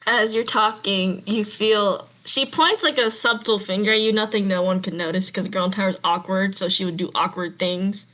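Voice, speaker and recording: A woman narrates a tabletop game as its game master, laughing often and swearing casually. Her voice is bright and clear. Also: medium pitch, steady tone, moderate pace, hardly any pauses. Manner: giggly, swearing, loose and chatty.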